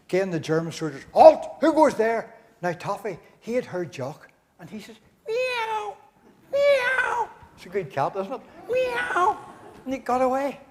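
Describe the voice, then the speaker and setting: Northern Irish man, higher voice, warm live comic storyteller who chuckles along. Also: slight background noise. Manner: chatty, laughs at his own jokes, rambling. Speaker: comedian at a concert. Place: church, live concert.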